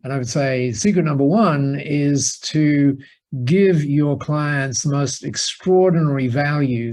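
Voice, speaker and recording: Australian male guest, animated storyteller, mid-pitched. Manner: animated storyteller, chuckles often. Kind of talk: storytelling in a podcast interview.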